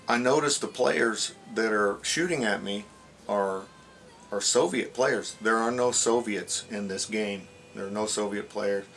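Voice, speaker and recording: A man retelling a dream to the camera in a halting, rambling, earnest way. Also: fairly low pitch, fairly bright tone. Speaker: religious video blogger.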